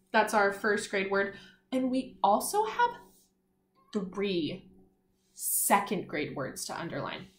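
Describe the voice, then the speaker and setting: A woman's voice: mid-range voice, reverberant. A woman giving a patient, encouraging lesson to young children, sounding out letters and praising answers. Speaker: kindergarten teacher. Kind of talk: slow, clear classroom instruction to young children.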